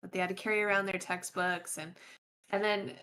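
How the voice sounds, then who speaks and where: A woman's voice: mid-range voice, level tone, brisk, a bit bright, a little hiss or hum, poor audio. A woman with a mid-range voice chats on a live stream. She tells anecdotes in a chatty, giggly way. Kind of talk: casual live stream chat.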